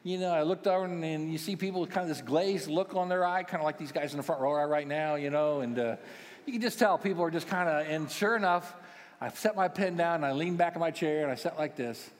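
A man in his sixties delivers a sermon from the stage, his fairly high voice carrying light, self-mocking humor. He talks like a pastoral care minister sharing stories with a congregation. Long church-hall reverb hangs behind every phrase. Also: fast. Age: 60s. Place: large church auditorium.

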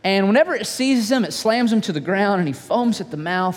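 A man preaching a sermon, dramatically retelling a story, acting out its voices and dropping to hushed whispers. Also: high voice, sing-song, moderate pace, breathy edge, long reverb tail. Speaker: pastor.

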